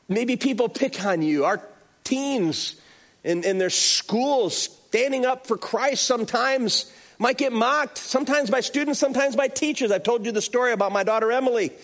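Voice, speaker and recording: A middle-aged male pastor preaching a sermon, telling stories with acted-out quotes. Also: very high-pitched. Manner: animated storytelling with acted-out quotes.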